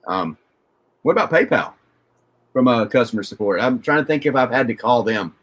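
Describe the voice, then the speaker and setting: A man's voice: mid-range voice, lively intonation, moderate pace, a bit bright, breathy edge. A man hosting a casual chat, rambling and restarting as he asks questions. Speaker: host.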